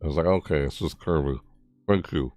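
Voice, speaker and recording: A young man giving live reaction commentary, rambling and excitable, often breaking into laughter. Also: a bass voice, fairly quick, no echo, clean studio sound. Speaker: reaction streamer.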